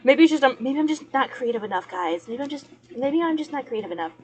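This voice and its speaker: Young woman, higher voice, casual rambling streamer chat with frequent laughs. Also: lively intonation, fast. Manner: chatty, rambling, laughs often. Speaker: streamer chatting with viewers. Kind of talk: casual chat while working.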